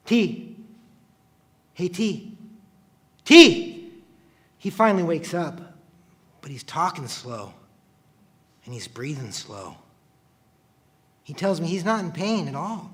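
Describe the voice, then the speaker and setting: Man with a slightly high voice, confessional storytelling. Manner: earnest, confessional, often low and hushed. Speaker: firefighter telling a personal story. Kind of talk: first-person storytelling in present tense.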